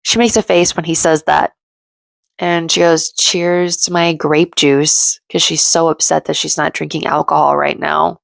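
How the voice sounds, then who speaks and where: Woman, casual recap commentary, opinionated and chatty, low-ish voice, gravelly fry, dry close sound. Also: fairly even intonation, normal speed, no room sound. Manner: chatty and opinionated, acts out quotes. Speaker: reality TV recap host.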